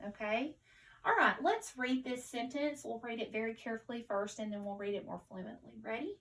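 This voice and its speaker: A woman with a Southern accent, teaching a patient phonics lesson to young children, sounding words out slowly. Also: a little high, animated, a bit bright, distant mic.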